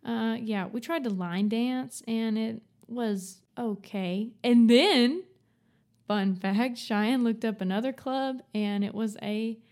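This 20s-aged co-host of a casual book podcast has a voice on the high side and a little mellow. Her talk rambles, stays chatty, and breaks into laughter easily.

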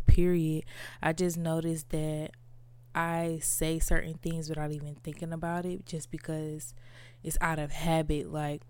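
Low, mellow-voiced woman podcast host. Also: smooth, no echo. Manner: reflective, candid, many fillers like "like" and "you know". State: tearful at times. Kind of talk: casual personal monologue.

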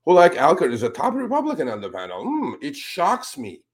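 A man hosting a talk show, speaking in casual, animated commentary that turns indignant as he calls out politicians with a pointed "sir". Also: high voice, brisk. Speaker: podcast host.

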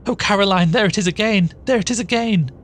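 Guy doing a shrill scared woman, wailing, way up high in his voice. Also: brisk, a little mellow, a little hiss or hum, natural voice. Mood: terrified. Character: frightened shrill young woman, sister of the dead.

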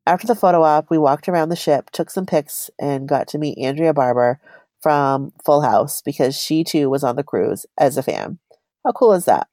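A woman's voice: low voice, fairly quick, warm tone, no room sound. A woman co-hosting a podcast, reading a personal story aloud in a chatty, giggly way.

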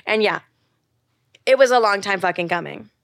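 A woman's voice: medium pitch, moderate pace, vocal fry, no echo, studio quality. A young woman in her twenties hosting a solo podcast, telling stories candidly with lots of "like" and swearing. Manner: candid storytelling, heavy filler "like", frequent swearing. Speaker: podcast host. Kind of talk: casual solo podcast chat.

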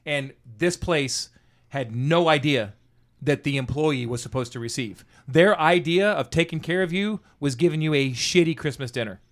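A man's voice: on the high side, moderate pace. A man in casual podcast chat, speaking bluntly and with profanity. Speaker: podcast co-host.

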